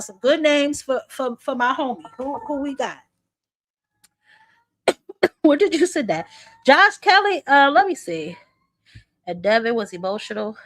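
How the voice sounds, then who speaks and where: A woman's voice: fairly high pitch, a bit bright. A woman hosting a casual boxing chat, blunt and talkative, calling out to viewers and swearing offhand, a bit short of breath. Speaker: boxing commentary host.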